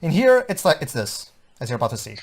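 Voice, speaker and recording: Man, fairly high voice, rambling commentary host, restarts his sentences a lot. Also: huge pitch swings, quick pace, slightly rough. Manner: rambling, with frequent stammered restarts. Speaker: podcast co-host. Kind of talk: casual movie commentary.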